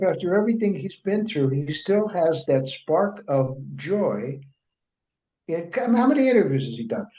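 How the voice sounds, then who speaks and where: His voice is on the high side and a little mellow. As a writer-reporter guesting in an interview, he tells rambling anecdotes with restarts and fillers, performing what other people said as quoted speech. The recording is echoey and dull, lo-fi.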